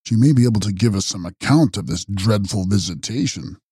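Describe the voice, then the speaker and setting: A man voicing a grave, steady gentleman in a gothic audiobook, speaking in a measured, consoling way. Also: lowish voice, slightly rough, no room sound, clean studio sound.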